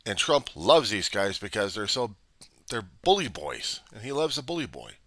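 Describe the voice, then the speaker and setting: Argumentative man, low and bright-toned, very animated, for a political commentary vlog. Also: normal speed, dry recording. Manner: argumentative, rhetorical questions, acts out both sides. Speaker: vlogger.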